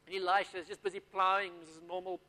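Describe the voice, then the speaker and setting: Here a high-pitched man talks quickly in a level yet pushed, bright tone while preaching, narrating tales and playing out their conversations. The sound carries a long hall echo.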